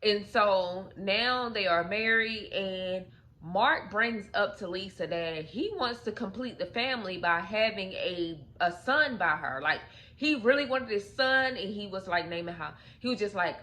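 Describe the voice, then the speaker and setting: A woman's voice: mid-range voice, animated, a little slow, sharp tone. A young adult woman casually retelling a real-life story for her channel, chatty and loose, full of "like" fillers and asides to viewers.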